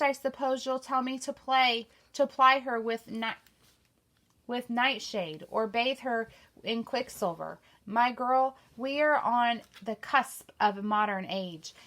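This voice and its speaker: A woman's voice: a little high, fairly bright tone. A woman reading a novel aloud, voicing a pompous, portly male doctor in a lofty, lecturing manner.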